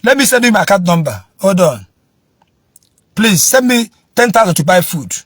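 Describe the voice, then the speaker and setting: Nigerian Igbo man, stammering pleader turned preacher, husky high voice, dry close sound. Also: big pitch swings, normal speed, fairly bright tone, dry recording. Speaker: social media speaker begging for help, then preaching.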